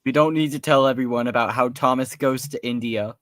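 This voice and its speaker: A man's voice: mid-range voice, steady tone, a little fast, fairly bright tone, no room sound, clean studio sound. A man co-hosting a casual commentary stream, teasing and playful. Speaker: co-host.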